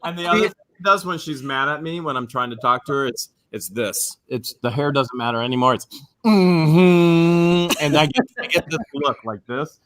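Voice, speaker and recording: A man co-hosting a casual live-stream chat, animated and prone to loud mocking impressions. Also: mid-range voice, brisk, hardly any pauses, no echo. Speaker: show co-host.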